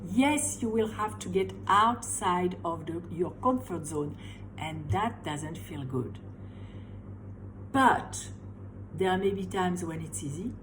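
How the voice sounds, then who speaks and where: A woman's voice: fairly low pitch, expressive, takes it slowly, a little hiss or hum, low-quality recording. Emphatic woman with a French accent. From France. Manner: emphatic, repeating phrases and stressing key words. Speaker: life coach and tapping practitioner. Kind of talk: motivational video talk.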